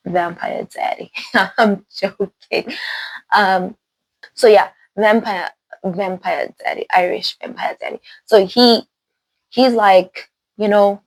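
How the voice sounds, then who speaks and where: A woman hosting a casual spoiler recap of a film, talking in an animated, rambling way, with laughs and restarts. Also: medium pitch, normal speed, no echo, low-quality recording. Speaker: movie reviewer host.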